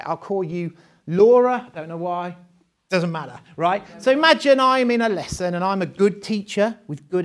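A high-pitched man runs a live training session for teachers. He speaks conversationally, asks rhetorical questions, and laughs often.

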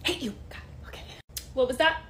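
A young woman performing comedy sketches, switching between exaggerated customer characters with animated delivery. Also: high voice, normal speed, roomy sound, slight background noise. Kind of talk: comedic skit acting.

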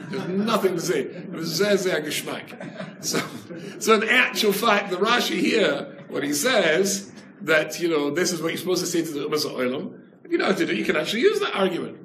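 A rabbi giving an animated Torah class, telling stories and using Hebrew and Yiddish terms with emphasis. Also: male voice, a little high. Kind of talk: Torah class, storytelling lecture. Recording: echoey room with faint noise.

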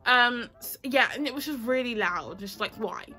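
Perempuan muda yang bercerita dengan cerah dan bertele-tele. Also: female voice, on the high side, animated, moderate pace, sharp tone, faint music behind. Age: young adult. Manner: chatty, rambling, loses track, sings to herself. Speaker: vlogger. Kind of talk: casual storytime chat.

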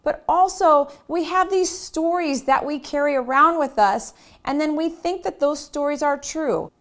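A woman's voice: high-pitched, measured pace, fairly bright tone. A woman in her thirties, a wellness coach, giving a candid self-help lesson and telling personal stories with acted-out quotes. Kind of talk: motivational self-help talk.

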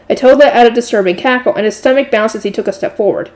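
A woman reading a light novel aloud in a steady narrating voice, adding her own asides. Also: on the high side, fast talker, hardly any pauses. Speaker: audiobook reader.

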